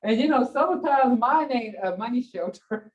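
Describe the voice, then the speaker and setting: A middle-aged woman teaching a language class in a casual, chatty way, telling stories with laughs and big jumps in pitch when she quotes people. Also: animated, normal speed. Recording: distant, dull lo-fi classroom recording.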